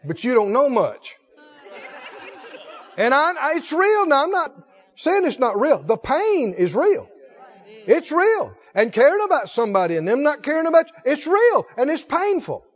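A man preaching a sermon, folksy and animated, swinging from loud calls to low asides. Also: moderate pace, some chatter behind. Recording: dull sound with long hall reverb.

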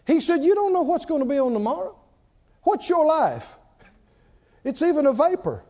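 Man, preacher, lively sweeping delivery, call and response, dull lo-fi sound, church hall. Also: very high-pitched, moderate pace. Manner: call-and-response preaching, asks the congregation to repeat lines. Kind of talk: sermon.

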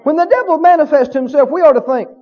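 A man's voice: extremely high pitch, quick pace, highs cut off. A man preaching a sermon with emphasis, often asking the congregation questions.

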